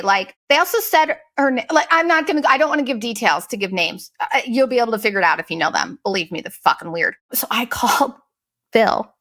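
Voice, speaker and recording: A woman hosting a podcast, telling a story in a casual, profane, animated way and mimicking the people she quotes. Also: on the high side, fairly quick. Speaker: podcast host.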